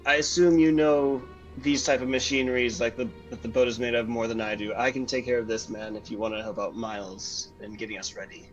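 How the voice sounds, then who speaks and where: A man voicing a practical adventurer who tries to calm others and take charge. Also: medium pitch, a little fast, hardly any pauses, dull audio, soft background music, natural voice. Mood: urgent. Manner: steady, trying to calm others.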